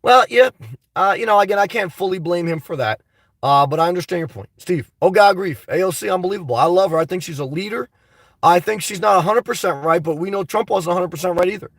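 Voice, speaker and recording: Gravelly high-voiced man chatting with viewers. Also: fast talker, dry recording, clean studio sound, far from the mic. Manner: rambling, animated, talks straight to viewers. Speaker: live stream host reading viewer comments. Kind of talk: casual live chat.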